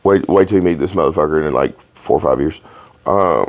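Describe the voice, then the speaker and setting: A man hosting a podcast, telling rowdy stories in a profane, animated way and laughing along. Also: rumbling low, brisk. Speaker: podcast host. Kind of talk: casual storytelling chat.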